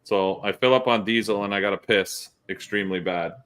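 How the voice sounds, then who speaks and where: A man's voice: fairly low pitch, a little fast, smooth. A male podcast host, telling profane stories in casual chat. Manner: profane, animated storyteller.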